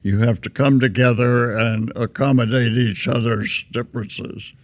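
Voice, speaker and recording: A man over a hundred years old answering interview questions in a slow, measured way. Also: medium pitch, steady tone. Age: over 100. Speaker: guest, war veteran.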